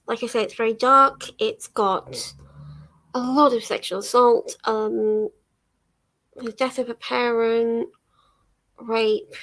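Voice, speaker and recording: An English young woman hosting a book livestream, chatting casually with many ums and small laughs. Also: on the high side. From England. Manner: chatty, rambling, lots of ums and little laughs. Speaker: book vlogger hosting a reading sprint. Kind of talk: casual chat to a livestream audience.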